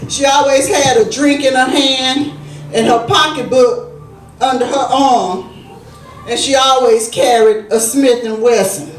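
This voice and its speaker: A woman performs stand-up, her high voice rising as she acts out her relatives in an animated way. The recording catches her from a distance in an echoey room. Faint music sits underneath. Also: unhurried, a little hiss or hum. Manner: animated, acts out family voices, Southern Black vernacular. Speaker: stand-up comedian. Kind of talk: stand-up comedy storytelling. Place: small comedy club stage.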